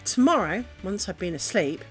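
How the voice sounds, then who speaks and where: With soft music in the background, a British woman chats casually while streaming her craft work, rambling openly, joking at her own expense and swearing now and then. She uses a streaming mic and speaks at medium pitch with lively intonation and normal speed.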